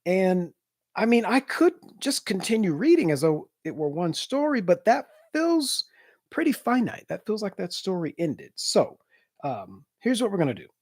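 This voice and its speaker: Excitable man, dry close sound. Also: sits high, normal speed, no echo. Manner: excitable, slangy and animated. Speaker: live-stream book reader. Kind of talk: casual chat after a live book reading.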